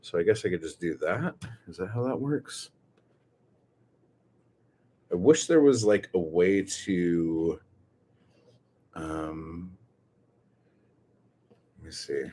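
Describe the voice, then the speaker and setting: Excitable low-voiced man gushing on camera. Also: slow pace, pauses often. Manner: excitable, gushing, keeps exclaiming. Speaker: poet and chapbook maker. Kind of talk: casual unboxing vlog.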